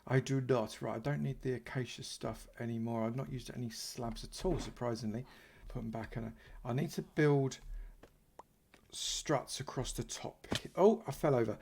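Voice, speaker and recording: A man talks casually over his Minecraft gameplay. He is playful and chatty, teasing and thanking his supporters, with a middle-pitched voice. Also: normal speed, gravelly, darkish tone, a little hiss or hum. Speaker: Minecraft YouTuber.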